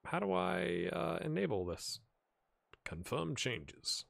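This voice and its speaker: Upbeat American gaming YouTuber, animated delivery with a slightly high voice, dry close recording. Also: male voice, slow pace, vocal fry, no echo. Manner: lively, reacts loudly to the match. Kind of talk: casual gameplay commentary.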